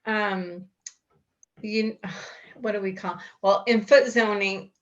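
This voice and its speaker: A woman's voice: mid-range voice, fairly even intonation, slow, highs cut off. A woman answering a question in an online workshop, searching for words with fillers and laughs. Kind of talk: casual chat.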